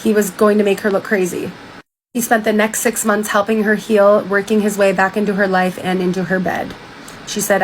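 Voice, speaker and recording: A young woman talks straight into her phone, retelling a story in a loose, chatty way and peppering it with "like". Her pitch sits in a middle range. A faint hiss of noise runs under the recording. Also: little pitch movement, moderate pace, rough recording. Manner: chatty, lots of "like", reacts with disbelief. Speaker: TikTok storyteller. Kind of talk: casual retelling of a book.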